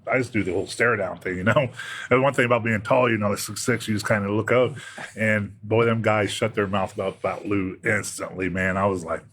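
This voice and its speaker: A man's voice: lowish voice, a bit bright, slight background noise. A middle-aged man with a Midwestern American accent telling a story in a laid-back, drawling way. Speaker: podcast guest. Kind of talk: casual storytelling.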